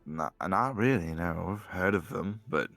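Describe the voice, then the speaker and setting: Brief: deep-voiced man with fry, deadpan player in a fantasy tabletop game, faint music behind. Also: measured pace. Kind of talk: playing a tabletop game in character.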